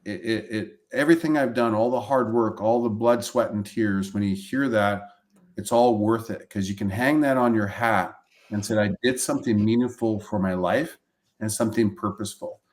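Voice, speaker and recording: Low-voiced man telling emotional stories. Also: normal speed. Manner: emotional, repeats himself, acts out quoted voices. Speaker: chiropractor and practice coach. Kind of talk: casual storytelling on a live webcast.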